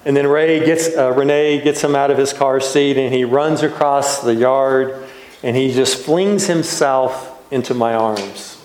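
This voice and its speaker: Gentle man preaching in an echoey room. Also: medium pitch, crowd noise. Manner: gentle, unhurried, with soft trailing pauses. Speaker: pastor. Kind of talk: reflective sermon storytelling.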